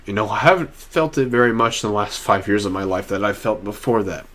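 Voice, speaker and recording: Young guy kinda low voice, rambly heartfelt vlog talk, lots of restarts, talking into his computer. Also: brisk, a bit bright. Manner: rambling, emotional, restarts often; earnest and heartfelt. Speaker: vlogger. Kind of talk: personal vlog to camera.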